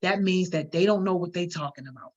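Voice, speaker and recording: A woman leads a live online workshop on public speaking, talking in a conversational, emphatic way and keeping her everyday slang. Her voice sits a little low. The stream audio is dull and lo-fi. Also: brisk, a little mellow. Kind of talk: live-streamed workshop, reading viewer comments.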